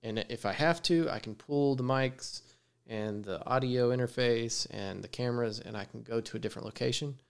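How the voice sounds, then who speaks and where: A man with a Texan drawl talks loosely and easily on his podcast, spinning stories about travel and personal space. He laughs often and keeps the chat relaxed and friendly. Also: medium pitch, moderate pace, vocal fry, smooth. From West Texas. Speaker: podcast host. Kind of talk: casual chat. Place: studio with guest six feet away.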